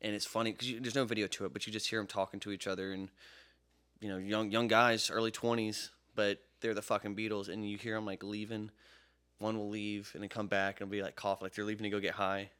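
A man's voice: lowish voice, level tone, quick pace, a bit bright, smooth. A young man from Jacksonville, Florida, co-hosting a podcast in casual chat, rambling and swearing freely. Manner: profane, rambling storyteller. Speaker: podcast co-host.

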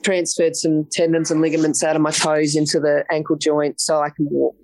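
An Australian woman, a police officer, telling her story frankly in an interview, blunt and quick to swear. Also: deep voice, little pitch movement, a little mellow, dry recording, low-quality recording. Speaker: police detective sergeant, podcast guest.

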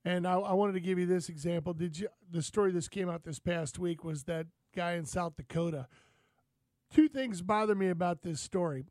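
Guy hosting a chat show, high voice, dry close sound, rambling folksy stories. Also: moderate pace, no room sound. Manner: rambling, folksy, animated storytelling. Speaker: outdoors show host. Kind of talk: casual chat.

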